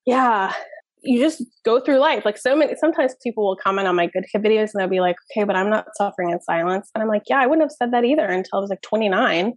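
A woman in her thirties, a parenting expert, telling stories in a lively, casual podcast chat full of fillers. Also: on the high side, fast talker, no echo. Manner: animated storytelling, many fillers.

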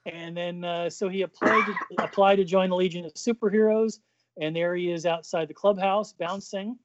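Co-hosting a casual podcast chat, a man recounts a comic panel by panel, voicing the characters' lines and sound effects. His voice is high and steady at a normal speed, and the audio is lo-fi.

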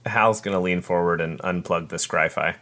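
Man, tabletop player, low bright voice, wisecracking. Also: steady tone, normal speed. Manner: wisecracking, narrates his character's actions. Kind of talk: casual tabletop game play.

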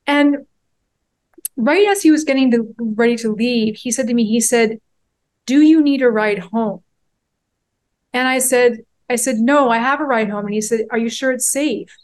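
A podcast guest in her forties tells a personal story during a candid interview, rambling warmly and leaning on fillers. She speaks at a moderate pace with a voice on the high side.

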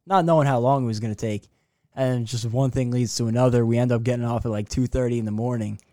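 A man's voice: medium pitch, steady tone, quick pace, warm tone, no echo, studio quality. A young man co-hosting a casual sports podcast, laid-back and teasing, telling stories in easy chat. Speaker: podcast co-host.

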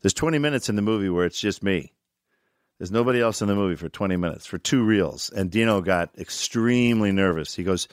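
A man's voice: lowish voice, brisk, dry recording. Older guy spinning wild set stories, swears a lot, close dry mic. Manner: animated, acts out other people's lines in shouts and mimicry; swears freely. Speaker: podcast guest, actor. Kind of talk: casual storytelling.

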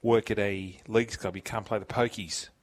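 A man's voice: on the low side, steady tone, moderate pace. A man co-hosting a sports radio show, joking and teasing callers. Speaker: radio co-host. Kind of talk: casual sports radio banter.

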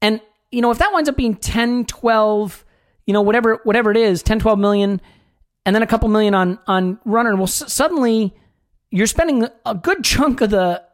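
A man's voice: sits high, moderate pace. A man hosting a sports podcast, chatting casually in a wry, joking, rambling way. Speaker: podcast host.

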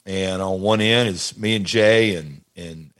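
An older man, a retired wrestler and guest, recalling backstage moments in a halting, rambling casual chat. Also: sits low, fairly bright tone.

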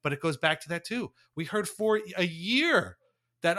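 A man's voice: high-pitched, normal speed. A man hosting a casual sports podcast, ranting with frequent laughs. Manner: animated, ranting, laughs often. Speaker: podcast host.

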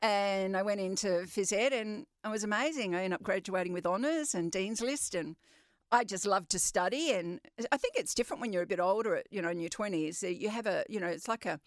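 A middle-aged Australian woman telling stories in a casual interview, lively and quick to laugh. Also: medium pitch, dry recording, clean studio sound. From Western Australia. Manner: lively, chatty, laughs often. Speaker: guest, champion open water swimmer.

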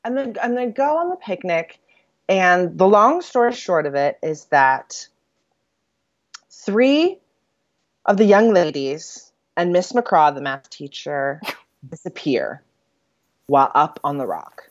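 A woman's voice: lowish voice, very animated, takes it slowly, long pauses, dry recording. A woman co-hosting a podcast in casual chat, summarizing a story in a rambling way with fillers and laughs. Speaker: podcast co-host. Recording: dull, lo-fi dry recording.

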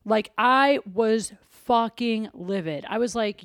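A woman's voice: medium pitch, slow, a bit bright, no room sound, clean studio sound. A woman hosting a podcast, talking candidly and confessionally in casual chat. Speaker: podcast host.

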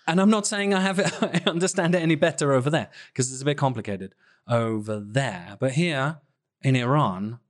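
A man's voice: mid-range voice, moderate pace, no echo, studio quality. A man from the UK, co-hosting a podcast in casual chat, joking and laughing often. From United Kingdom. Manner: jokey, laughs often, prompts questions. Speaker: podcast co-host.

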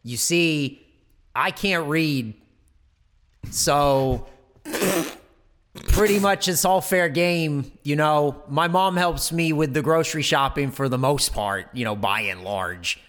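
A man playing Jason Voorhees as a slow, rambling, goofy roommate in an improvised courtroom sketch. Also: fairly high pitch, fairly bright tone. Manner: rambling, goofy, self-justifying. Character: Jason Voorhees, dim-witted immortal slasher roommate.

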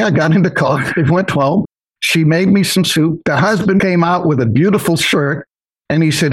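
A man's voice: fairly high pitch, moderate pace, no echo, poor audio. An older man, a podcast guest, telling a personal story in a rambling, folksy way, often saying "so anyway".

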